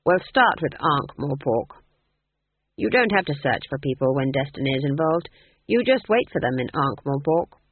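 A reader voicing a blunt, disapproving old witch who talks flatly and curtly. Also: sits low, moderate pace, husky, no room sound, heavily acted. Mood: stern. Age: older. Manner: flat, curt and disapproving. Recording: tinny, dry phone-like audio.

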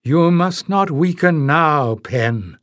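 A man's voice: on the high side, expressive, slow, a bit bright, no echo, clean studio sound, pitched above the performer's own voice. A man doing an ancient, scheming male piper. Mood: urging. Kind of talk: audiobook character voice.

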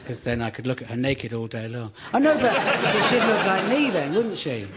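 A man's voice: on the high side, sing-song, normal speed, crowd noise, noisy background. A man doing a dry, self-mocking stand-up routine in front of a studio audience on a radio show. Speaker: stand-up comedian host. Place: theatre studio with live audience.

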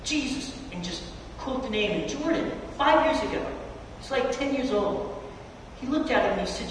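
Middle-aged male preacher, very high voice, storytelling sermon that swells and falls, heard from far off in a church hall. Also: animated, moderate pace, slight background noise. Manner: storytelling preacher, voice surging high and loud on quotes then dropping soft. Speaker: youth pastor.

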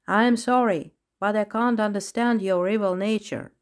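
A woman's voice: mid-range voice, normal speed, close to an everyday voice. A woman voicing an irritated male peacock who questions a villain in a storybook, in a raised, insistent tone. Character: fussy, bossy male peacock detective. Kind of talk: storybook reading.

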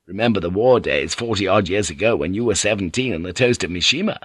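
A man's voice: sits low, animated, quick pace, a bit bright, husky, no echo, full character voice. A man lifts his voice to play an older, earthy teahouse madam, knowing and sly, with a chuckle under every line. The reading is close and dry, with no room in it. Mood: shrewd. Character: shrewd, earthy older woman running a teahouse.

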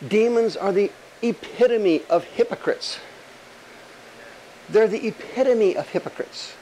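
A fairly high-voiced man teaches from scripture in a conversational sermon, firing rhetorical questions. He slows down to lean on key words. A faint hiss of noise sits under his voice. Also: darkish tone, poor audio. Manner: conversational, rhetorical questions, emphatic slow stresses. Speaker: preacher.

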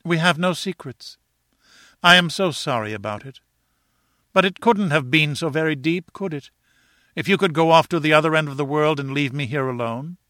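Man doing a young woman, breezy, offhand, higher pitch, dry recording. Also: moderate pace, pushed and bright, no room sound. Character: cool, offhand young woman, newly married. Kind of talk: audiobook character voice.

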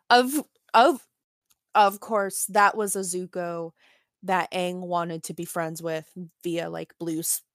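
A woman's voice: lowish voice, no echo, studio quality. A woman co-hosting a casual podcast, recapping a cartoon episode in a chatty way with frequent restarts. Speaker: podcast co-host.

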